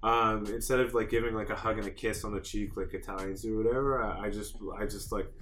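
A young man tells an animated story in casual podcast chat. His voice is bright and forward, and he keeps dropping into quick comic voices for the people he quotes. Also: on the low side, a little hiss or hum. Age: young adult. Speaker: podcast co-host.

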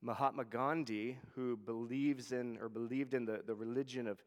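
A man's voice: medium pitch, fairly even intonation, moderate pace, in a large hall. A man serving as a church elder, preaching a conversational sermon and often repeating words as he goes. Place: church hall.

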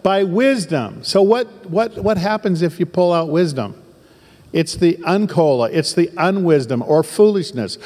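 Emphatic older pastor preaching in a hall. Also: male voice, high-pitched, lively intonation, a little slow, warm tone. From southern Oregon. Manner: emphatic, repetitive preaching with folksy asides. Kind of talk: sermon.

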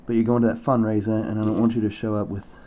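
A man's voice: fairly low pitch, level tone, mellow, slight background noise. A young man from the States hosting a podcast in casual chat, swearing freely as he talks. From United States. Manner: chatty, swears freely, quick laughs. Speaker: podcast host.

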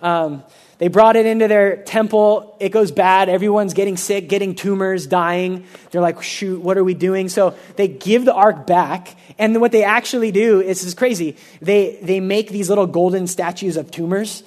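A young man preaching a sermon as pastor in a casual, conversational way, full of fillers and quick acted-out quotes. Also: high voice, fairly even intonation, darkish tone. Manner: acts out quoted speakers in quick asides.

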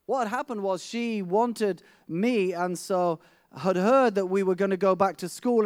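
A man's voice: extremely high pitch, clear, resonant tone, no room sound, clean studio sound. A middle-aged man preaching a sermon, telling a vivid personal story with frequent restarts.

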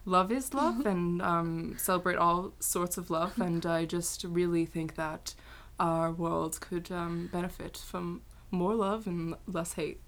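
A woman putting on a sincere young male pop singer who talks slowly about love. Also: lowish voice, fairly even intonation. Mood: earnest.

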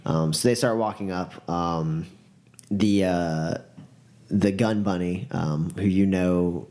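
A man narrating a tabletop game as game master, casual and halting with many fillers. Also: low voice, dark tone.

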